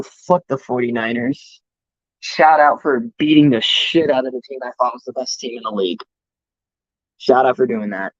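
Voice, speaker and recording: A man's voice: mid-range voice, dry recording. Profane man ranting about football. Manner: profane, heated sports ranting. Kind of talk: casual live-stream chat. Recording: dry, slightly dull mic sound.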